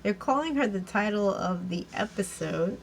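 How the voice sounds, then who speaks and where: A woman's voice: mid-range voice, expressive, moderate pace, gravelly, a little hiss or hum, rough recording. A woman giving a casual recap and review of a TV episode, chatty and giggly, with lots of fillers and restarts.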